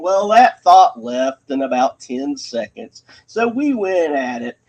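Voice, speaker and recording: A man's voice: a little high, lively intonation, unhurried, few pauses, darkish tone, low-quality recording. A man telling a crude personal story in a rambling, profane way, laughing as he goes.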